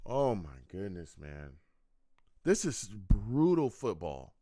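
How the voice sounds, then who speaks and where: Exasperated man, lively dry sports reaction. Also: on the low side, slow pace, dry recording. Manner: exasperated, groaning, reads chat comments aloud. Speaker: live game reaction host. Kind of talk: live sports reaction stream.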